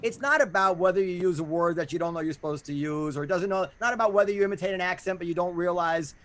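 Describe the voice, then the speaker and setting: A man with a notably high voice hosts a casual panel chat. He is earnest and works through his point slowly, with frequent restarts. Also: a bit bright. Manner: earnest, explains at length with halting restarts. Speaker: club owner and podcast host.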